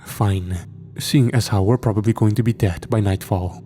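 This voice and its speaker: Guy putting on a beat-up russian commando voice, russian accent, low dark tone. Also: moderate pace, faint music behind, natural voice. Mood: wry. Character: captured Russian special forces commander, battered.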